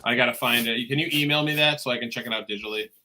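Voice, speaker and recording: A man's voice: mid-range voice, very fast, pushed and bright, a little hiss or hum. A man on a casual video chat, chiming in with short, eager reactions.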